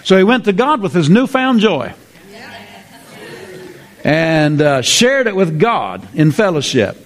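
Male pastor preaching, lively and repetitive, laughing, higher-pitched voice. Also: slow pace. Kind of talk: sermon.

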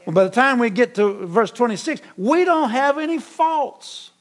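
A middle-aged man preaching a sermon as pastor, animated, with many repetitions and restarts. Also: very high-pitched, normal speed.

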